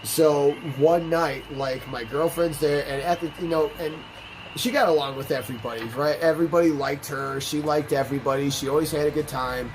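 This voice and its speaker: Rambling profane gaming host. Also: male voice, fairly high pitch, moderate pace, noisy background. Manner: rambling, profane, animated anecdotes. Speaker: let's play host. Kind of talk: casual gameplay commentary and storytelling. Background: game music.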